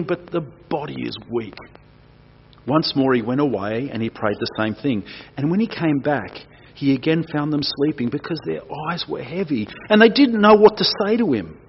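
A man preaching, reading scripture aloud and acting out the quoted lines with big swings in pitch and loudness. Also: expressive, normal speed, a little hiss or hum. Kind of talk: sermon with dramatic scripture reading. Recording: dull lo-fi sound.

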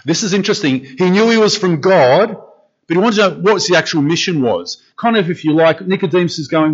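A man's voice: sits high, expressive, brisk, breathy edge. A man preaching a conversational sermon as pastor, questioning the congregation and repeating phrases as he thinks aloud. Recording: dull lo-fi recording.

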